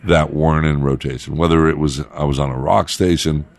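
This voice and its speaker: Very deep-voiced middle-aged man. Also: steady tone, fairly quick, gravelly, dry recording. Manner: loose, laughing storyteller. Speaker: radio host and former DJ. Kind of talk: casual chat.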